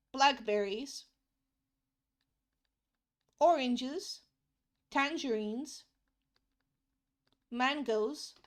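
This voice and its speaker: A young woman streaming as she draws, chatting in a rambling way. She repeats herself and swears casually, and English is not her first language. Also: on the high side. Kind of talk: casual chat while drawing.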